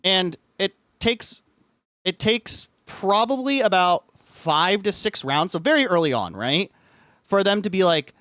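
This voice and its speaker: A male live streamer who rambles through a story in casual chat, packing nearly every phrase with "like." His voice sits a little high for a man. It is recorded dry and close, with no room echo. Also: expressive, unhurried, pushed and bright. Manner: rambling, says "like" constantly; frustrated ranting.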